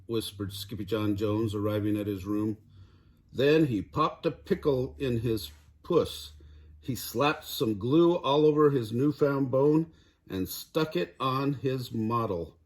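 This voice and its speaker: An older man reading a storybook aloud to children in a gentle, chuckling way. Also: lowish voice, measured pace.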